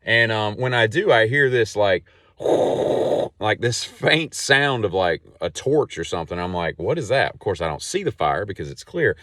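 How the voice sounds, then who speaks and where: A man hosting a podcast and telling a long casual story in a rambling, animated way with many asides. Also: on the low side, a little slow, no echo, studio quality. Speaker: podcast host.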